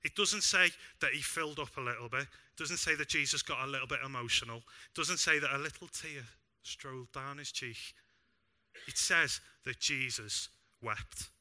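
A young man preaching a sermon in a church, animated and self-deprecating with bits of humor. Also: medium pitch, normal speed. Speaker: pastor.

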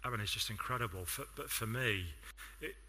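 Bright-voiced English preacher. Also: male voice, medium pitch, a little fast. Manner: conversational storytelling, self-deprecating asides. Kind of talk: sermon.

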